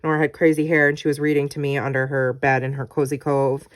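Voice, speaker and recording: A woman's voice: very deep voice, completely flat delivery, fast talker. A woman vlogger casually walking through her scrapbook pages, chatty and full of ums, reading her own journaling aloud. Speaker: crafting vlogger.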